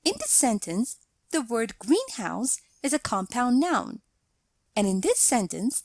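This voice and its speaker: Slow, lively-voiced woman teaching grammar. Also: on the high side, no room sound. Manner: deliberate, explanatory, measured phrasing. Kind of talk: scripted teaching narration.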